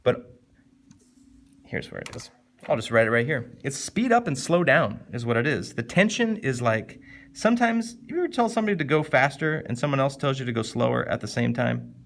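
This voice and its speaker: A man teaching a casual, animated literature lesson, jumping up in pitch to stress points and slowing down to read poem lines. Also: vocal fry, a little hiss or hum. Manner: animated, conversational, with sudden lifts in pitch for emphasis; reads poem lines slowly and deliberately.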